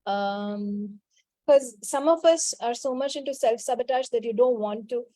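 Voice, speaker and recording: A woman leads a spiritual coaching call, answering participants and repeating a quick clearing chant. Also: a little high, no room sound. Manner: answers participants' questions directly, scolding gently. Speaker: healing call facilitator.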